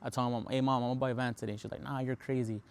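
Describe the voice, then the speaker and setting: A man's voice: mid-range voice, level tone, racing, smooth. A young man hosting a podcast, telling his story casually with lots of fillers and Spanish slang. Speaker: podcast host.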